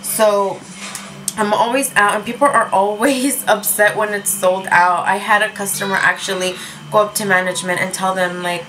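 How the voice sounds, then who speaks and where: A woman's voice: mid-range voice, fairly even intonation, normal speed, pushed and bright, faint music behind, poor audio. A woman reviewing lipsticks in a casual, rambling chat from her room at home, dropping in Spanish words as she talks. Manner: rambling, chatty, self-mocking. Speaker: beauty vlogger reviewing lipsticks.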